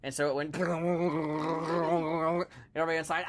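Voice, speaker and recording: A man's voice: on the high side, little pitch movement, measured pace, a little hiss or hum. A man narrating a children's story in a playful manner and laughing often.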